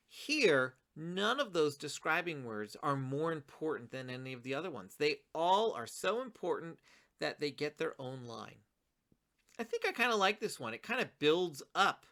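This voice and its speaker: Lively, bright-voiced woman teacher. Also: low-pitched. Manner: reads her poem slowly, pausing on single words; encouraging, addresses students directly. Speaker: writing teacher. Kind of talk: children's writing lesson.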